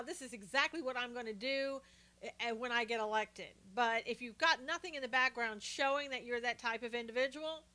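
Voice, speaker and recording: Chatty older woman livestreaming, bright and high. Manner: chatty, greets viewers by name while talking. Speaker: live stream host. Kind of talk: casual political commentary livestream.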